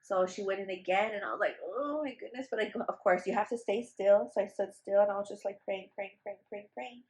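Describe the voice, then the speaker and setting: A woman's voice: medium pitch, fairly even intonation, fast talker, few pauses, darkish tone, rough recording. A young woman vlogger telling a personal story in a casual, chatty way, with many fillers and restarts. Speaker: vlogger, new mother.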